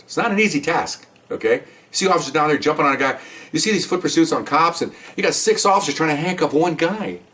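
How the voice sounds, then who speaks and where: A man's voice: mid-range voice, fairly bright tone, recorded from a distance. An older man, a retired police officer, telling a story in a casual, rambling way and often checking in with "okay?". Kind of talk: casual spoken anecdote.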